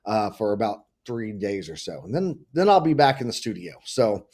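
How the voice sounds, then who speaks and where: A man's voice: fairly low pitch, sing-song, moderate pace, a little mellow. A man hosting a live market and crypto stream, talking casually with hyped-up greetings. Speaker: show host.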